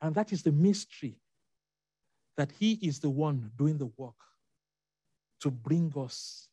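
A male preacher delivering a sermon at an unhurried, deliberate pace. He leans on repetition and turns to the congregation with asides, his voice sitting a little above the usual male pitch in a dry, close-sounding space. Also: lively intonation, dark tone, husky, dry recording. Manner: emphatic, repeats key phrases, asides to the congregation.

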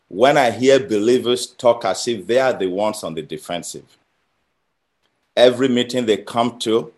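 A man preaching a sermon, emphatic, building phrases through repetition and swinging between loud and quiet. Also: fairly low pitch. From Nigeria. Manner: emphatic, with rising and falling intensity and repeated phrases.

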